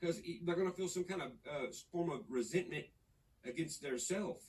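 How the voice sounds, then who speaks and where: A man from Nashville, talking in a casual podcast chat, animated, profane and rambling. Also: on the high side, moderate pace, distant mic, low-quality recording. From Nashville, Tennessee. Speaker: podcast guest.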